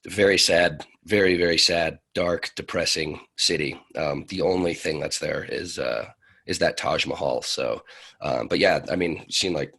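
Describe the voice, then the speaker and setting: Low husky-voiced man, laid-back. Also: normal speed, fairly bright tone. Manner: laid-back storytelling with loose phrasing. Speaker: podcast guest, traveler. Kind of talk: casual conversation.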